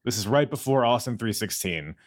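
A man hosting a podcast, chatting casually and joking in a rambling way. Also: brisk. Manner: joking, rambling, lively pitch. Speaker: podcast host.

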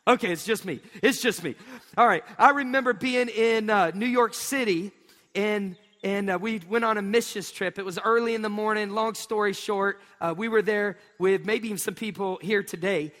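A man, preaching a sermon in an animated storytelling way. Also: high-pitched, moderate pace. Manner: storytelling, animated, acts out voices. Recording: long hall reverb.

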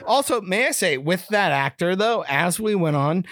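A woman's voice: on the low side, lively intonation, unhurried, no echo, studio quality. A woman co-hosting a podcast, ranting casually and profanely about a movie. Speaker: podcast co-host. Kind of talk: casual chat, movie review.

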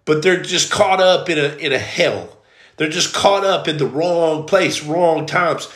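A man's voice: a little high, unhurried, fairly bright tone. A man telling his personal testimony in a blunt, emphatic, streetwise way, like a preacher. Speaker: storyteller giving testimony. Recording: roomy echo.

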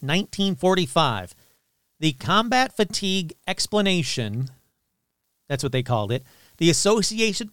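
A male podcast host with a fairly high, very lively voice that jumps around in pitch. His tone is smooth and clear, and the sound is dry and close, with no room echo. He talks in a casual, irreverent way, full of fillers and blunt asides.

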